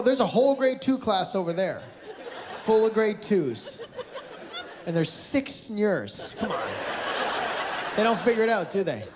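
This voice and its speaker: A high-pitched Canadian man with a Canadian accent performs stand-up with crowd work at a large live venue, drawing laughter. Over some background noise, he teases audience members in a blunt, sarcastic way.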